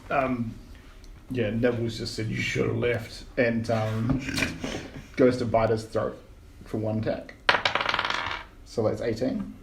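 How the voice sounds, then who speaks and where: A man playing a tabletop game, calmly calling out dice rolls and actions. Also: mid-range voice, slow, long pauses. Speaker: player. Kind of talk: casual game talk. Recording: distant mic, echo and loud noise.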